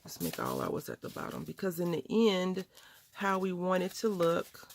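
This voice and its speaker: A woman chatting casually at home, telling a story while crafting, with lively quoted voices. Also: on the low side, normal speed, gravelly, a little hiss or hum. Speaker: crafting vlogger.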